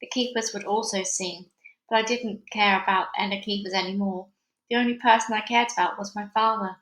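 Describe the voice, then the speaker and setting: A woman's voice: medium pitch, steady tone, a little fast, fairly bright tone. A woman at home reading a children's book aloud as narrator, casual and chatty between chapters. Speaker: read-along narrator. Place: busy house. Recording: echoey room at home.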